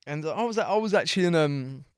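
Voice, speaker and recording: A man in his thirties, a podcast guest telling stories in animated street slang. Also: a little high, quick pace, clear, resonant tone, dry recording, clean studio sound. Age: 30s. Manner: animated storytelling full of street slang and swearing. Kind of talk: casual storytelling interview.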